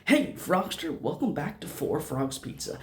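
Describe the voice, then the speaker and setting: A man's voice: on the high side, big pitch swings, unhurried. A man reading aloud the lines of a friendly male game villager who runs a pizza shop, in his own voice. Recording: roomy echo.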